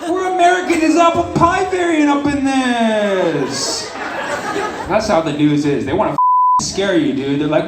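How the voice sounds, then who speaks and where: Laughter rises from the audience as a male comedian in a live club plays off the crowd with brash, foul-mouthed bits. He talks at normal speed in a high voice, and the space sounds roomy and noisy.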